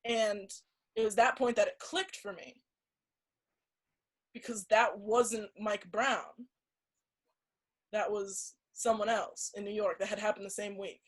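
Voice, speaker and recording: A woman's voice: medium pitch, rough recording. A young woman in casual conversation as a podcast guest, recounting something earnest with frequent restarts and "like" fillers. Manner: halting, many restarts and "like" fillers; earnest storytelling.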